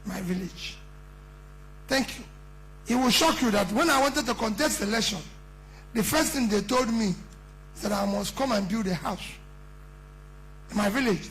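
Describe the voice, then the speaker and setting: A man's voice: sits high, normal speed, pauses often, a bit bright, slight background noise, low-quality recording. A middle-aged man with a Nigerian accent, giving an impassioned campaign speech at a conference, emphatic and full of rhetorical questions. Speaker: politician addressing a conference.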